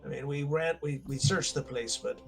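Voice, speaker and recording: A man's voice: on the high side, normal speed, vocal fry, soft background music. A man playing a tabletop game, thinking out plans in a casual, practical way with some restarts. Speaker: player.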